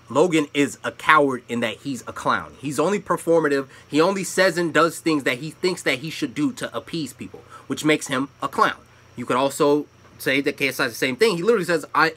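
A young man hosting his own opinion commentary channel, ranting with profanity and swinging between loud outbursts and low asides.

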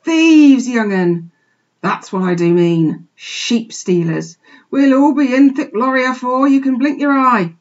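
A woman's voice: on the high side, measured pace, lo-fi sound, pitched above the performer's own voice, natural voice. A woman doing an old rustic country ewe. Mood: worried. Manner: rustic country dialect, puffing.

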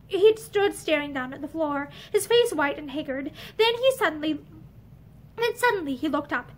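A woman reads a novel aloud with an expressive, earnest delivery. Her voice is very high. She sits facing the camera in an indoor room lined with bookshelves. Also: moderate pace. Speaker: audiobook reader.

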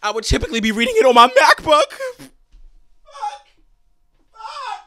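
A young man chatting on a livestream in a dramatic, animated way, talking straight to his viewers. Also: very high voice, racing. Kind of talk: casual livestream chat.

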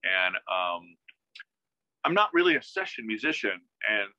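Bright-voiced man telling a story. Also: lowish voice, a little slow, no room sound. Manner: animated, acts out quoted dialogue, many restarts. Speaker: interview guest, musician. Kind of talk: casual storytelling interview. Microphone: video call. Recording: dull, dry video-call audio.

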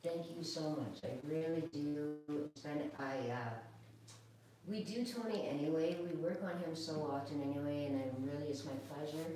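Woman groomer, chatty, calm teaching tone, lowish voice, heard from off-mic in a very echoey room. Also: recorded from a distance. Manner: chatty and calm, talks to the dog. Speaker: dog groomer. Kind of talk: live grooming demonstration.

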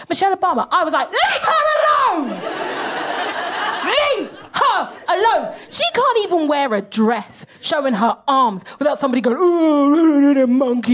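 A young woman performing a stand-up comedy set with lively, animated delivery and free swearing. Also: high voice. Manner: animated, swears freely, acts out mocking voices. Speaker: comedian co-host. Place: live venue with audience.

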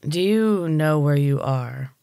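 Storybook villain: a cruel man who runs a gym, read by the narrator, with slow, menacing, mid-pitched lines, close and dry. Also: expressive, gravelly, dark tone, clear, resonant tone, no room sound. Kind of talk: audiobook character reading.

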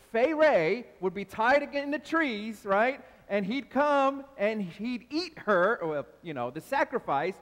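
Male pastor, high lively voice, energetic sermon, long hall reverb. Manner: animated preaching, calls out to the congregation. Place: large church hall.

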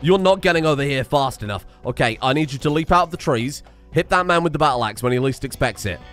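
A man's voice: mid-range voice, expressive, quick pace, fairly bright tone, faint music behind. A man from the West Country of England with a West Country accent, giving casual, joking let's-play commentary and swearing freely. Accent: West Country English. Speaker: game streamer.

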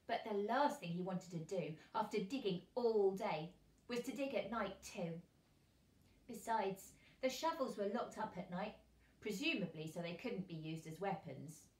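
A woman teacher reading a children's novel aloud, with lively, expressive delivery. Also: mid-range voice, roomy sound. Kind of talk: storybook read-aloud for children.

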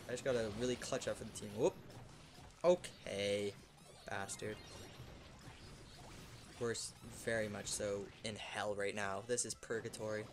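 A young man giving loose, excitable commentary over his own gameplay, swearing and shouting at wins and losses. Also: on the low side, unhurried, pauses often, background noise. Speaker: gaming YouTuber.

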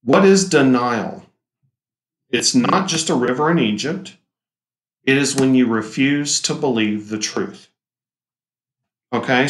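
A male teacher giving a recorded lecture with a relaxed, joking delivery. He speaks at a medium pitch and now and then acts out what people say. The sound has a noticeable room echo. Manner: casual, joking, acts out quoted lines.

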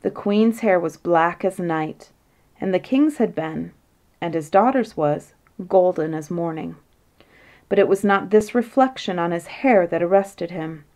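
A woman reading a bedtime fairy tale aloud with a gently expressive delivery and a voice a little lower than most women's. She stretches key phrases slowly for effect. The telling is calm and storybook-like.

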